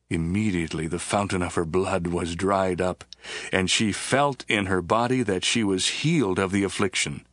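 Casting: a steady male narrator for a scripture audiobook, lowish voice, measured, dry booth sound. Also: no room sound. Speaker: scripture reader. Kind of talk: scripted Bible reading.

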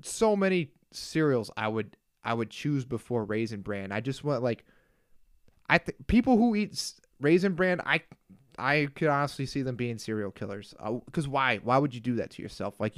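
A young man from the Kansas area hosts his own podcast, a casual solo rant that swings into exasperated outbursts and mock disbelief. His voice sits at an ordinary middle pitch, and the close mic gives it a dry, deadened sound with no room around it. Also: moderate pace, dry recording. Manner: animated, exasperated ranting with frequent asides. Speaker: podcast host.

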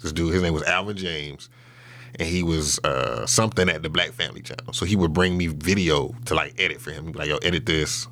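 Man, low voice, forceful bright tone, rambling casual storytelling, profane. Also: fairly quick. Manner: loose and profane, with many fillers and restarts. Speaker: interview guest.

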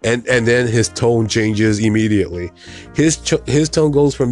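A man's voice: mid-range voice, moderate pace, darkish tone, soft background music. A man hosting his own show, ranting in a casual, profane, rambling way and mocking others in a put-on voice. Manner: profane, rambling, repeats "you know what I mean". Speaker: podcast host. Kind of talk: casual solo rant.

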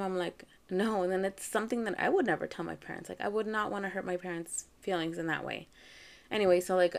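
A woman in her thirties hosting a podcast, telling a personal family story in a chatty way, full of fillers, acting out the dialogue of her children. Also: medium pitch. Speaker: podcast host. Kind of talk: casual storytelling monologue.

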